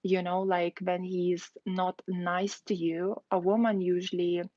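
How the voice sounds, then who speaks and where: A woman's voice: lowish voice, little pitch movement, a little slow, warm tone, no echo, highs cut off. Chatty woman giving blunt dating advice. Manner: chatty, blunt, heavy use of "like" and "you know". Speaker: dating coach. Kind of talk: casual live stream advice. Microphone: phone.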